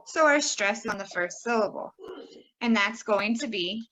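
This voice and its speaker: A woman teaching pronunciation, modelling vowel sounds and words with slow, exaggerated care. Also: on the high side, bright, forceful tone, poor audio. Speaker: pronunciation instructor. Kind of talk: recorded teaching video.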